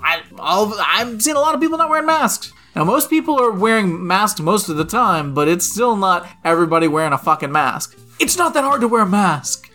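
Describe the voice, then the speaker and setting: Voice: mid-range voice, very animated, a little fast, sharp tone, faint music behind. A podcast co-host ranting casually, swearing and sounding exasperated.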